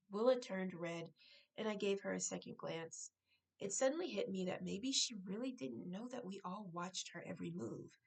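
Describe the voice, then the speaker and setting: A woman author reading her own novel aloud, now and then breaking off to correct herself or make a quick aside. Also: lowish voice, gravelly, husky, poor audio.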